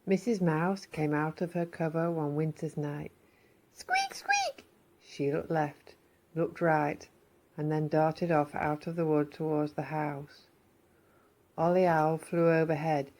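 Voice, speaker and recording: A woman reading a children's story aloud, expressive and slowing down for emphasis. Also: low-pitched, noisy background.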